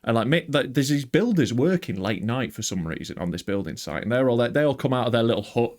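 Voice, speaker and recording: A man's voice: medium pitch, expressive, fast, a little mellow. A man co-hosting a comedy podcast, telling a story in casual chat and acting out other people's lines as he goes.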